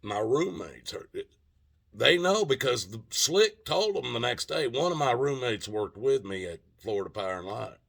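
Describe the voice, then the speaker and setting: A man's voice: medium pitch, animated, normal speed, gravelly, a bit bright. A man telling a long personal story in a casual, rambling way, with frequent restarts and plenty of swearing.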